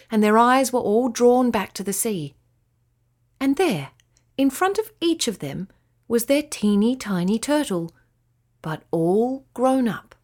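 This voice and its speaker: Woman reading a children's story. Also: medium pitch. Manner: gentle, expressive reading. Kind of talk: bedtime story narration.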